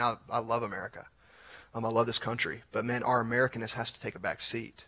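A male pastor, talking to his church in a loose, conversational way, full of "like" and "y'all." His voice is bright and forward, at an ordinary pitch. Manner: casual, filler-heavy, uses "y'all" and "like". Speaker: community pastor. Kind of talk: conversational teaching and prayer.

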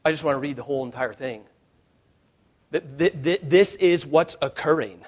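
A male pastor preaching a sermon, swinging from hushed, quiet lines to loud shouted ones. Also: fairly high pitch, moderate pace.

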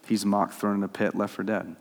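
Male preacher with a low voice, delivering a sermon with dramatic shifts from loud to hushed, in a reverberant hall. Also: brisk. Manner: animated preaching, voices God's pleas, swings from loud to hushed. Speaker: pastor.

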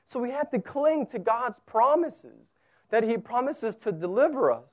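Male pastor with a high voice, earnest and explanatory in his sermon, heard on a dull recording. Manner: earnest, explains scripture plainly, voice swells and drops. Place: church service held in a zoo venue.

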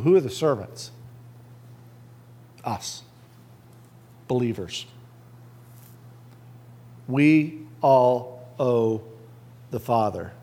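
A man's voice: medium pitch, a little mellow. A man as a pastor, preaching a conversational sermon and asking the listeners rhetorical questions.

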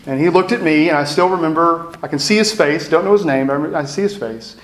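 Man in his thirties, pastor telling a wry personal story in a sermon, slightly high voice, roomy echo. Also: fairly quick, fairly bright tone. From East Texas. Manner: reflective storytelling with self-deprecating humor. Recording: echoey room.

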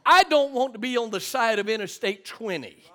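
Pushed and bright, the very high-pitched voice of a middle-aged preacher rises and falls with lively intonation at a normal speed. He tells stories from the church sanctuary, calling on the congregation for amens.

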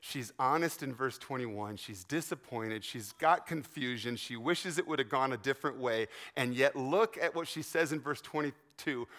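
A male pastor preaching a sermon to his church, earnest and emphatic, often dropping to a hushed, soft delivery. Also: medium pitch.

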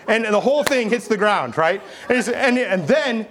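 A man preaching a sermon as pastor, telling stories in a casual, animated, conversational way. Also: high-pitched, normal speed, few pauses. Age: adult, army veteran.

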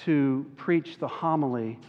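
A man preaching a sermon as a pastor, earnest and slowing down on key words. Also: medium pitch. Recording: dull recording with long hall reverb.

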